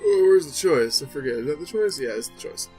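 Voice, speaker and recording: A man giving casual let's-play commentary, energetic and muttering to himself as he navigates the game. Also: a little high, a little fast, soft background music. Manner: energetic, talks to himself while navigating menus. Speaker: gaming youtuber.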